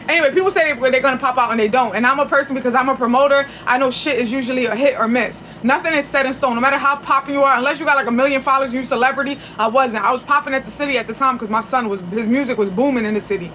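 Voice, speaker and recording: A high, bright woman talks into her phone on a livestream, rambling through a story with plenty of swearing and restarts. A faint hiss of background noise sits under her voice. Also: fast. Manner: chatty, profane, rambling with restarts.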